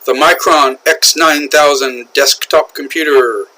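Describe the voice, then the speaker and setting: A man with an American accent teaching English usage, explaining slowly and repeating key phrases, often checking in with "okay?". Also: a little high, fairly even intonation, pushed and bright, rough recording. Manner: slow, repetitive explaining with frequent "okay?" checks. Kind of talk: classroom lecture on English usage.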